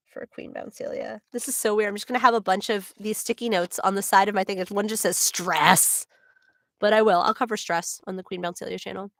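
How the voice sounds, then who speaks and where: A woman's voice: medium pitch, fairly bright tone, no room sound, clean studio sound. A woman voice actor chatting casually on a livestream, laughing often and filling her talk with "like". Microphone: own microphone.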